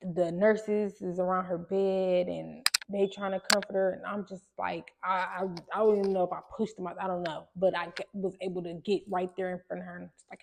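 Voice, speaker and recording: Gravelly-voiced woman telling a personal story. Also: on the low side, flat delivery, brisk, hardly any pauses, slight background noise. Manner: conversational, many fillers and restarts. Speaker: podcast host.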